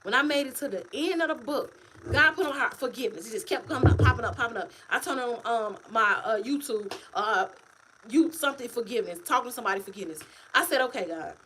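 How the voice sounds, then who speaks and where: A woman author talking casually to her livestream viewers, animated and repetitive, calling them y'all. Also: on the high side, fast, background noise. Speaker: author and vlogger. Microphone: phone or webcam, livestream.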